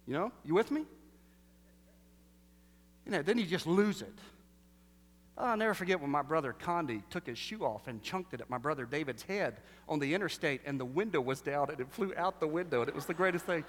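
A pastor preaches in a lively, conversational way, tossing rhetorical questions at the congregation. His fairly high voice leaps up and down, one moment booming and the next dropping to a hush. The sound carries the long reverb of a large hall. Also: fairly quick. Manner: animated, swings from loud to hushed, rhetorical questions. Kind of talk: sermon.

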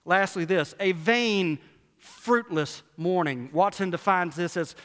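A man preaching a sermon as a pastor, animated and emphatic, repeating lines and firing rhetorical questions. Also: high-pitched, slow pace. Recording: long hall reverb.

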